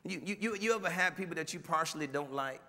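A male pastor preaching a sermon in a church, animated, dropping to quiet asides and rising to shouted mimicry. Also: fairly high pitch, fast, long reverb tail. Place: church sanctuary.

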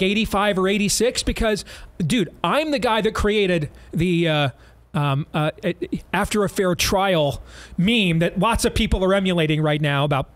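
A man hosting a political talk radio show, talking emphatically with sarcastic, rapid-fire riffs. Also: sits high.

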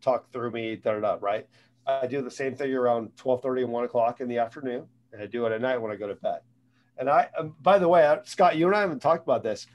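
A man's voice: medium pitch, quick pace. A man who is a guest, giving casual advice on mindset, rambling and often repeating words and restarting sentences. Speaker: guest speaker on sales and mindset.

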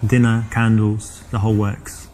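A man's voice: fairly low pitch, completely flat delivery, unhurried, darkish tone, slight background noise, natural voice. An English-accented man playing a cocky British flirt who boasts and rambles with restarts in a live-action game. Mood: smooth. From England.

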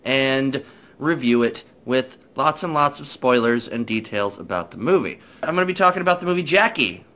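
Man, bright tense tone, casual rambling film review, chatty. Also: mid-range voice, lively intonation, moderate pace. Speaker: movie reviewer.

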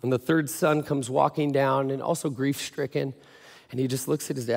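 A man's voice: mid-range voice, steady tone, brisk, creaky, a little mellow. A male pastor giving a sermon in a casual, joking storytelling way. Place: church. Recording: echoey church hall.

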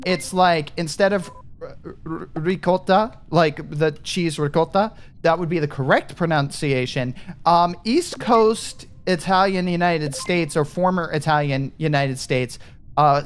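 A man's voice: on the high side, slow, slight background noise. Rambling male gaming streamer. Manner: rambling, thinks aloud, trails off mid-thought. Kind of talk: casual gameplay commentary with friends.

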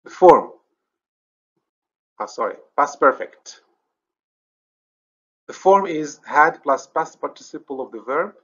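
A man's voice: a little high, expressive, slow pace, pauses often, a bit bright, slightly rough, highs cut off. A man with a Moroccan accent teaching a recorded grammar lesson, explaining step by step, often checking "okay?" and correcting himself. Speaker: English teacher.

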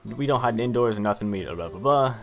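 A man's voice: mid-range voice, animated, fairly quick, faint music behind, natural voice. A man voicing a cocky young boy who leads a gang in a video game, with swaggering, taunting talk.

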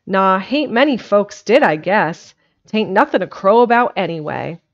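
A woman's voice: medium pitch, expressive, measured pace. A woman voicing a sulky, envious street urchin boy with grudging, clipped replies, on a slightly muffled recording.

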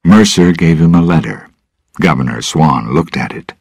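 A man slowly narrating a graded-reader story for English learners. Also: a bass voice, animated, darkish tone, husky, dry recording.

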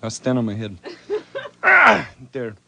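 A man's voice: mid-range voice, huge pitch swings, unhurried, gravelly, heavy background noise. A man bantering in improvised live radio comedy, playful and punning, often breaking into laughter.

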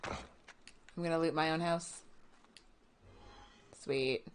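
A woman's voice: low voice, fairly even intonation, extremely slow, slight background noise. A young adult woman streaming a video game, chatting casually with viewers, sarcastic and self-mocking and swearing freely. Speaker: gaming streamer. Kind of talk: casual live let's-play commentary.

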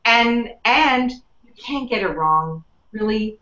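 An upbeat woman explains in a chatty, meandering way, piling up fillers and restarts. Her tone is bright and fairly high. The recording is dull and lo-fi, with a roomy echo behind her. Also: animated, slow. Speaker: guest, emotional wellness coach. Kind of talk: conversational explaining. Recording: dull lo-fi sound in a roomy space.

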